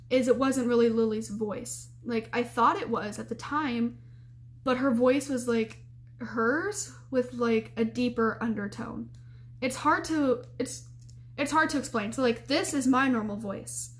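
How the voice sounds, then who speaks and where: Young woman rambling thru a storytime vlog, bit high voice, lots of likes and um. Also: unhurried. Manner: chatty, animated, lots of fillers and restarts.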